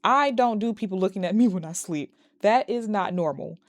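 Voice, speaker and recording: A woman recapping a horror movie in a casual, animated and profane way, breaking into laughs. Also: mid-range voice, normal speed, no echo, studio quality. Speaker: movie reviewer.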